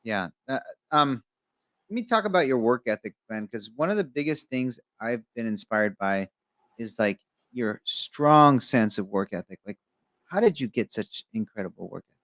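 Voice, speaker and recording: Man, podcast host, mid pitch, eager, filler-heavy questions. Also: expressive, moderate pace, a bit bright, dry recording. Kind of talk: casual interview.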